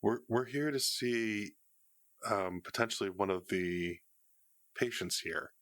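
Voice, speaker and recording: A man's voice: fairly low pitch, takes it slowly, fairly bright tone, dry recording. A man playing a tabletop role-playing game, speaking hesitantly with frequent fillers. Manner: hesitant, many fillers and restarts in character. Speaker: player. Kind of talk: tabletop role-play, casual chat.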